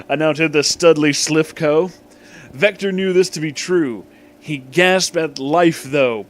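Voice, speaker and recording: Tipsy man reading fan fiction with deadpan asides. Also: fairly high pitch, slow. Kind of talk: comic dramatic reading.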